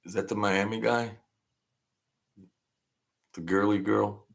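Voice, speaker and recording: A man's voice: lowish voice, steady tone, slow pace, gravelly. A man hosting a casual livestream, rambling as he greets viewers by name and answers their comments. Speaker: livestream host.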